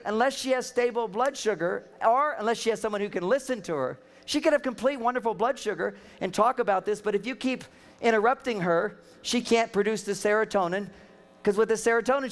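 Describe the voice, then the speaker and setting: A man delivers a relationship seminar to a live audience, joking and animated as he tells his stories. His voice sits very high for a man. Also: a little fast. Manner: joking, animated storytelling with acted quotes. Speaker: relationship speaker and counselor.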